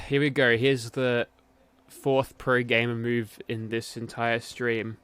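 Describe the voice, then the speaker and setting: A man's voice: medium pitch, little pitch movement, takes it slowly, a bit bright, clean tone, dry recording. A man streaming a game, giving casual commentary while he mutters, grumbles and swears.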